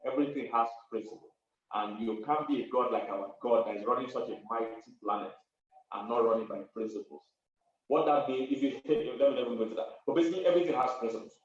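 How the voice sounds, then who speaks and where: A man's voice: mid-range voice, quick pace. A man, a pastor and marriage counselor preaching to an online audience. He stresses his points, repeats key phrases and laughs between them. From Africa. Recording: very echoey room, distant muffled mic.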